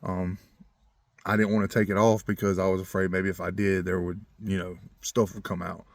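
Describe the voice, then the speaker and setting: Man with a lowish voice, earnest and rambling, chuckles a lot, warms up on faith; dry, close recording. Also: moderate pace, no room sound. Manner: grows more animated when talking about faith. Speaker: vlogger telling a personal story. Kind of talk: casual storytelling.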